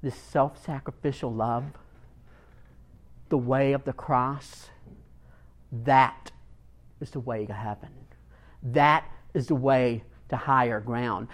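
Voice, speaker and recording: A man preaching a sermon, emphatic and dramatic, swinging from hushed phrases to loud ones. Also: mid-range voice. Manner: emphatic, swings from quiet to loud, long pauses.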